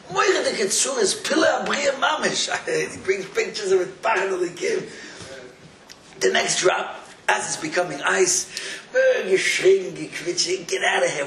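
A man with telling a story as a sermon, animated and laughing, with Hebrew and words in his talk. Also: high-pitched, roomy sound, slight background noise. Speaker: Jewish inspirational speaker.

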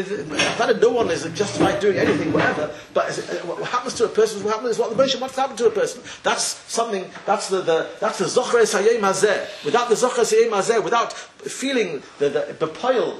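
A rabbi with a fairly high voice gives a talk, telling a Torah story in a wordy way and speaking in quick bursts. He rambles, repeats himself, and acts out the characters' lines, in an echoey room with faint hiss behind him.

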